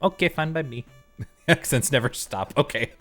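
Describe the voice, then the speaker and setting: A man streaming a video game live, chatting casually in an excitable, rambling way and laughing often. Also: medium pitch, normal speed, soft background music.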